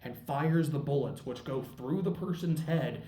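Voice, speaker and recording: A man's voice: a little high, a little slow, warm tone. Young man, rambling casual reviewer; echoey room, distant mic. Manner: rambling, laughing, lots of filler and cursing. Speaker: show reviewer. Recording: roomy echo, mic at a distance.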